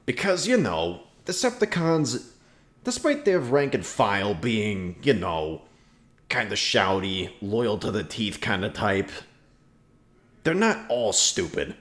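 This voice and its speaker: Male game master on a voice call, low voice with a lively swing, dry teasing humor. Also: takes it slowly. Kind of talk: narrating a tabletop role-playing game on a voice call. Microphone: voice call microphone.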